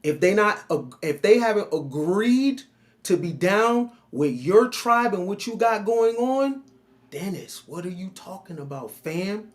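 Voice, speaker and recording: A man's voice: high voice, sing-song, a little slow. A man hosting a reaction commentary, blunt and emphatic, talking back at the clip he is watching. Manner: blunt, emphatic, keeps addressing the other man by name.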